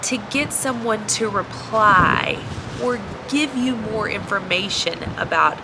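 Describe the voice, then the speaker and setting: A woman teaching an English grammar lesson in a clear, encouraging, scripted delivery. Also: medium pitch, slow pace, noisy background.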